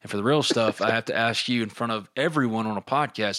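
A man's voice: on the low side, fast talker, fairly bright tone. A middle-aged man hosting a podcast, chatting casually and reading listener questions aloud.

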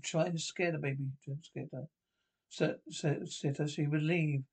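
Halting male storyteller, raspy and fry-heavy, slightly raised pitch. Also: steady tone. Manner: halting, stumbling reading. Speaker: narrator. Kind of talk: reading a spooky story.

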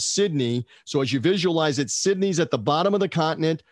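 A man's voice: a little high, brisk, hardly any pauses, dry recording, studio quality. A man co-hosting a casual boxing talk show, chatty and digressive, asking his co-host questions as he talks. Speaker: podcast co-host.

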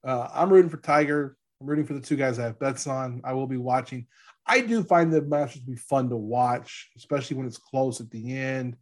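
A man's voice: mid-range voice, brisk. A man with a mid-range voice co-hosts a casual sports podcast. He talks eagerly and often restarts his sentences. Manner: enthusiastic, stammering restarts. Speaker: podcast co-host, coach.

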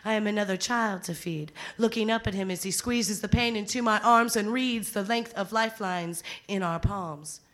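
A woman performing a solemn, hushed spoken-word poem at a live poetry venue on a stage microphone. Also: mid-range voice. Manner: solemn and hushed, slow and grieving. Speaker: slam poet.

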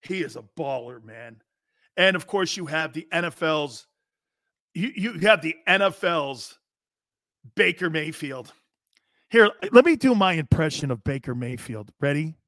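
A brash male sports talk host who jokes loudly and hollers his points. His voice sits high, and he takes his time with the words, stretching them out. The sound is close and dry. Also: lively intonation, unhurried, no echo. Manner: loud, brash, joking, hollering. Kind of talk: live sports talk show.

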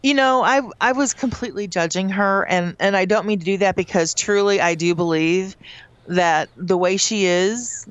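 A woman's voice: medium pitch, normal speed, clear, resonant tone, no echo, highs cut off. A woman co-hosting a radio morning show in a studio, with casual, wry, teasing banter.

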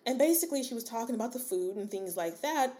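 A woman with a slightly high, expressive, warm voice talks fast as she hosts a solo podcast. She's an adult with a daughter, and she chats casually and rambles, full of fillers and asides, calling her listener "sis" and cheering them on.

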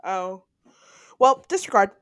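A woman's voice: mid-range voice, big pitch swings, takes it slowly, fairly bright tone. A young adult woman co-hosting a podcast, chiming in with short, dry interjections in casual chat. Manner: brief dry interjections and quips. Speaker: podcast co-host.

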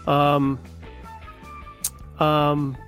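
A man's voice: on the high side, completely flat delivery, extremely slow, fairly bright tone, faint music behind. Hesitant, dry-humored older-sounding man. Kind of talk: casual chat.

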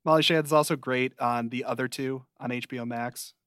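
Smooth-voiced young man recapping a show. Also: mid-range voice, fairly even intonation, fairly bright tone, dry recording. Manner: dry, rambling recap with quick asides. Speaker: podcast co-host. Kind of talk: casual chat.

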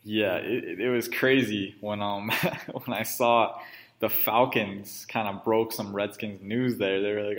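A man's voice: lowish voice, fairly even intonation, moderate pace. A man hosting a sports podcast, talking casually in a loose, rambling way with plenty of fillers. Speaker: podcast host.

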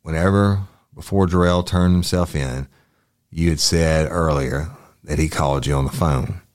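A very deep-voiced detective, as a man reads him aloud, asking direct follow-up questions in a plain way. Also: moderate pace, darkish tone, dry recording, studio quality.

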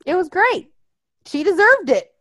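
A woman's voice: very high voice, very animated, a little slow, fairly bright tone, dry recording, studio quality. A young woman telling a story in casual chat, swearing often and acting out quotes in voices.

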